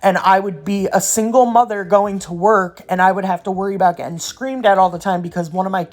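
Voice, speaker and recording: A woman's voice: medium pitch, steady tone, a little fast. Young woman, casual chatty vlog voiceover, ranting storyteller. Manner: rambling, ranting storyteller who says "y'all" and "yo". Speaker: nail art vlogger.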